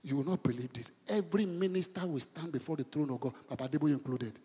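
A middle-aged Nigerian pastor delivers a sermon in a high, husky voice at a quick pace, with long reverb carrying through the church hall. He swings dramatically between hushed asides and sudden loud outbursts, code-switching mid-sentence and repeating words for emphasis.

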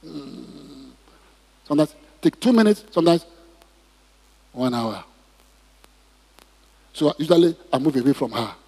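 A man's voice: a little high, big pitch swings, measured pace, gravelly, long pauses, warm tone, breathy edge. A man preaching a sermon in church, asking the congregation questions and drawing responses. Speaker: pastor. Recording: reverberant hall.

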